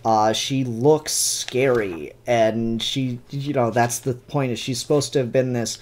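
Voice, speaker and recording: A man's voice: mid-range voice, fairly even intonation, a little slow, darkish tone, a little hiss or hum. A man casually reviewing a comic book, rambling with enthusiasm and an occasional swear, recorded on his camera mic. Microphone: camera mic, showing pages to camera.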